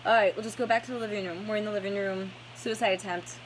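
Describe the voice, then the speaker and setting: Woman, mid-pitch, stressed personal storytelling with fillers and restarts, faint noise floor. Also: steady tone, poor audio. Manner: halting, many fillers and restarts, blunt swearing. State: headache, stressed. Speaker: survivor telling her story.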